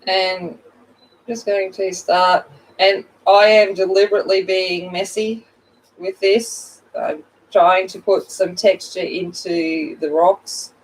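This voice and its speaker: A woman's voice: on the low side, fairly even intonation, slow, far from the mic, poor audio. A middle-aged woman chatting casually while she colors on a livestream, greeting viewers by name and laughing at herself. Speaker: coloring channel host.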